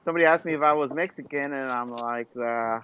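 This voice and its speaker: A man joining a casual podcast chat with quick jokes. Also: medium pitch, bright, forceful tone, smooth, low-quality recording.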